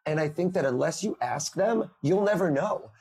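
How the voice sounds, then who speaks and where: A man in his thirties, a mentalist guest on a podcast, telling lively stories and acting out the people in them. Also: fairly high pitch, moderate pace, husky. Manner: animated storyteller, acts out quoted voices. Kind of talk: podcast interview over video call.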